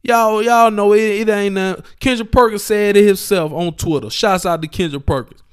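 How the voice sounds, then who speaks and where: Animated male sports podcast host. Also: sits high, normal speed, clear, resonant tone, no room sound, studio quality. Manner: animated, slangy, talks straight to listeners. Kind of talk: casual sports podcast monologue.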